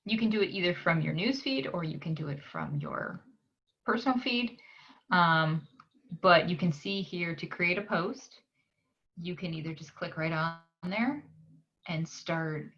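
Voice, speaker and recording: Library tutor, woman, lowish voice; slow screen-share walkthrough with frequent "um" pauses; slightly dull lo-fi recording. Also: sing-song, a bit bright. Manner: unhurried, frequent "um" pauses while clicking.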